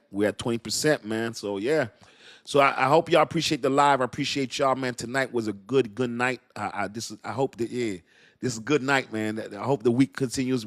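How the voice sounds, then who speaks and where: A man's voice: medium pitch, dry recording, clean studio sound. A man hosting a crypto livestream in casual chat, slangy, laughing often and repeating his phrases.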